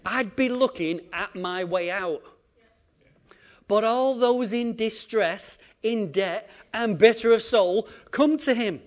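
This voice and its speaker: A man preaching a sermon, acting out quotes and swinging between loud emphasis and quiet asides. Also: high voice, takes it slowly. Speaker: pastor.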